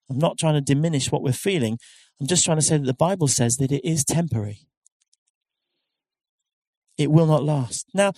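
A man's voice: a little high, a little mellow, dry recording. Man preaching a conversational sermon. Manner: conversational, earnest, with frequent restarts and rhetorical questions. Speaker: pastor.

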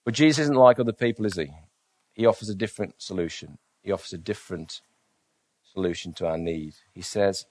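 A man preaching a sermon, earnest, asking rhetorical questions and softly voicing inner doubts. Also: lowish voice, lively intonation, fast talker.

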